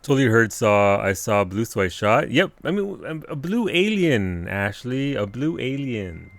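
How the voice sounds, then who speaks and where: A man streaming a video game live, commenting on the action and replying to chat in an excitable way, swearing and laughing often. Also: mid-range voice, unhurried, vocal fry.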